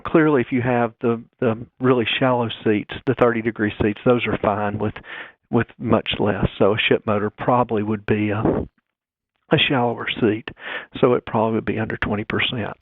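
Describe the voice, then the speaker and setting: A man with a mid-range voice calls into a phone interview as a guest engineer, methodically explaining technical details and working through figures. The recording is a dry, tinny phone line.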